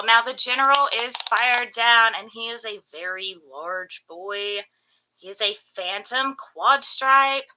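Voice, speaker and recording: Woman, high-pitched, casual live stream host, gushing, baby-talking to pets. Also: bright, forceful tone, dull audio. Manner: gushing, baby-talks to her geckos. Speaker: reptile breeder hosting a live sales stream.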